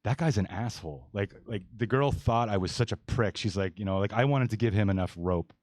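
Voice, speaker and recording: Low-voiced blunt man in his forties. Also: brisk, a little mellow, no room sound, studio quality. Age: 40s. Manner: blunt, rambling, lots of restarts and fillers. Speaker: podcast host. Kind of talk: casual panel discussion.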